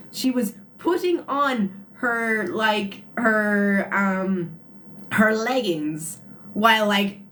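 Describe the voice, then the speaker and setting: A woman's voice: mid-range voice, a bit bright, a little hiss or hum. A young woman tells a story to her live chat on a phone. She talks casually and with animation, laughs often, and ends many sentences with "like". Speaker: livestreamer.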